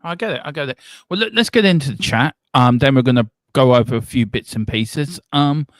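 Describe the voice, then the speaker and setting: A man co-hosting a casual fan live stream, reading viewer comments aloud with quick asides. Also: mid-range voice, no room sound. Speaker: fan show co-host.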